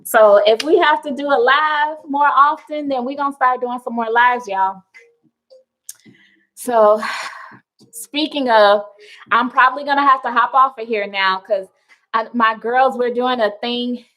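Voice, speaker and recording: A young woman chats loosely on a livestream from home, her voice sitting somewhat high. She laughs easily and talks to her viewers by name as she goes. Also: measured pace, bright, forceful tone, poor audio. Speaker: wellness livestream host. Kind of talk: casual livestream chat. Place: at home indoors.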